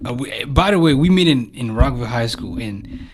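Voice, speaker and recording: A young man from Cameroon hosting a casual podcast interview, relaxed and encouraging, with frequent affirmations. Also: mid-range voice, normal speed, noisy background. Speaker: podcast host.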